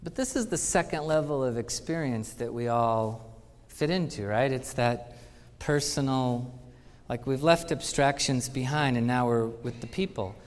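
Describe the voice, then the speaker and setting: A man speaking at a conference, spinning lively anecdotes and acting out the people he quotes. His mid-pitched voice carries the long reverb of a big hall. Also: a little slow. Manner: animated anecdotes with acted-out quotes. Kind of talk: storytelling conference talk.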